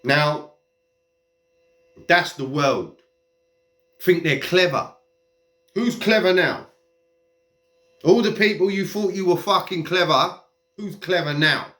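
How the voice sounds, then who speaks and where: A man's voice: on the high side, animated, slow, pauses often, fairly bright tone. A man delivering a heated, profane, mocking rant straight to camera. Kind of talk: ranting monologue. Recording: echoey room.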